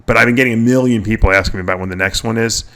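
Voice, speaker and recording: A man's voice: fairly low pitch, rapid-fire, a bit bright. A middle-aged man hosting a radio show, chatting casually in a rambling way and chuckling often. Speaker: podcast host.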